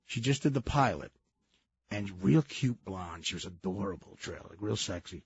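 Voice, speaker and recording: A man co-hosting a radio talk show, telling stories in a casual, animated way and laughing as he goes. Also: fairly low pitch, normal speed, slightly rough, highs cut off. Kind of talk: casual storytelling.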